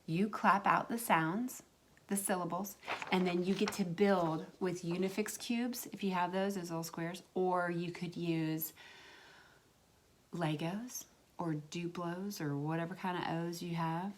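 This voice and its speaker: A woman's voice: fairly low pitch, fairly even intonation, slight background noise. Sing-song woman teaching young kids. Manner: sing-song, drawn-out words for young children. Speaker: kindergarten teacher. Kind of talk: remote classroom lesson.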